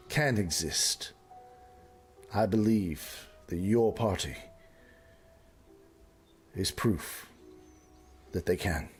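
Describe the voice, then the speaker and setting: A man voicing a solemn noble figure who speaks slowly and formally. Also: fairly low pitch. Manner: slow, grave, formal speech. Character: solemn noble man bound to dark powers.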